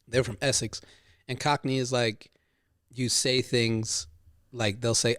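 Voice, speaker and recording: A man chatting casually, drifting through loose stories with easy laughter. His voice sits in mid pitch and the recording is dry and close. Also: slow pace, long pauses, no room sound. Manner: relaxed, rambling storyteller, laughs often. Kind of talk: casual chat.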